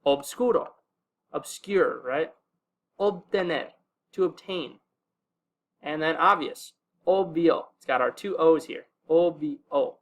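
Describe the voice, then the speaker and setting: In this easygoing video lesson, a young man teaching language speaks in a somewhat high voice with many fillers. Whenever he reaches an example word, he slows down to spell it out.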